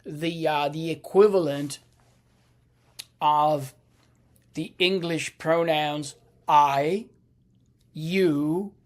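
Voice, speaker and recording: A man giving a video lecture on Italian grammar, speaking deliberately with many pauses, fillers and restarts. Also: fairly high pitch, fairly even intonation. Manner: deliberate, halting with frequent fillers and repeats.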